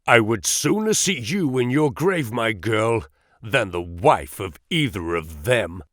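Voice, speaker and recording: A gruff, sturdy old farmer who guards his daughter fiercely, as a male narrator voices him. He speaks slowly, with a wide swing of pitch. The sound is close and dry. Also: animated, a bit bright, no room sound, full character voice. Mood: furious. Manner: gruff and angry.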